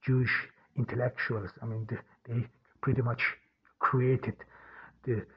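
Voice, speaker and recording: A man hosting a podcast, talking in a halting way with many restarts and fillers. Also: mid-range voice, flat delivery, husky. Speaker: podcast host. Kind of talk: casual monologue. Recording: dull lo-fi audio.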